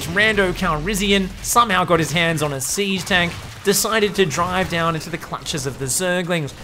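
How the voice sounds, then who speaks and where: A man's voice: sits high, normal speed, few pauses, pushed and bright, slight background noise. Profane, sarcastic male game commentator.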